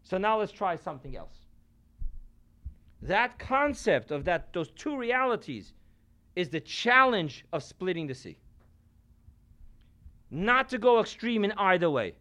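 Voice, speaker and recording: A man, a rabbi, giving a sermon to a live audience in a room, telling stories and shifting from loud emphasis to quiet asides. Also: sits high, very animated, a little slow, long pauses.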